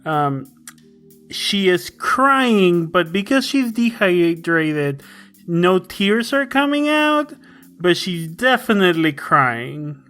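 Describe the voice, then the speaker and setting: A player in a tabletop role-play game who speaks haltingly with many pauses and fillers. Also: medium pitch, sing-song, a bit bright.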